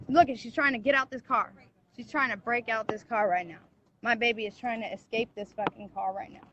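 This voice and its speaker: A woman's voice: fairly high pitch, fairly even intonation, fairly quick, a bit bright, dull audio, slight background noise. A mother livestreaming outdoors beside a car, talking in an urgent, agitated way and coaching her children to speak up. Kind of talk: live phone stream, urgent pleading.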